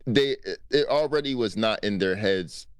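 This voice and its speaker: Animated, cursing male comic. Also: on the low side, normal speed, smooth, no echo, studio quality. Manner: animated, swears a lot, acts out voices. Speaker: guest comedian. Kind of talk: casual podcast chat.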